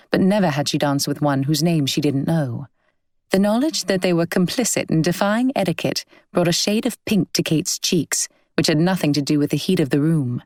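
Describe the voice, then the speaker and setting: A woman reads a novel aloud in an even, measured storytelling style. Her voice sits on the low side. The recording is close and completely dry. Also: no echo. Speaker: audiobook narrator. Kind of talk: scripted audiobook narration.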